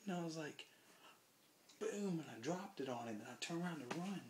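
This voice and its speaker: A man's voice: on the high side, a little fast, a crowd in the background. A drunk man rambling through a profane anecdote, acting out the lines of the people in it. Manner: profane, animated, acts out quotes. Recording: roomy with faint noise.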